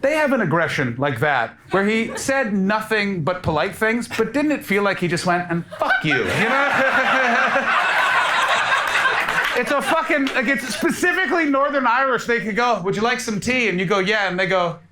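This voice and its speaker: A man's voice: high voice, animated, normal speed. A man doing a stand-up set in a comedy club, swearing freely, mocking himself and riffing with the audience. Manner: profane, self-deprecating, riffing with the audience. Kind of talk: stand-up set with crowd work. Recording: live club mic, loud audience laughter and noise.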